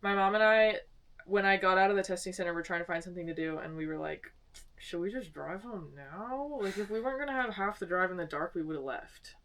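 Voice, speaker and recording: A woman's voice: lowish voice, fast, far from the mic. A young woman from Arizona, co-hosting a podcast, telling stories in casual chat and acting out the quotes. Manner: storytelling, acting out quotes in lively voices. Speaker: podcast co-host. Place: small home studio.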